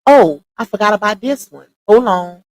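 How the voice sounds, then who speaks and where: A woman's voice: mid-range voice, moderate pace, a little mellow, dry recording, rough recording. A woman hosting a casual livestream, chatty, calling her viewers y'all and stopping often to dig up screenshots. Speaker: livestream commentary host.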